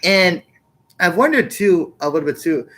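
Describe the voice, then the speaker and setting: A man hosting a podcast in casual chat, rambling and halting, often repeating words. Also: sits high, animated, pushed and bright. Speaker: podcast host.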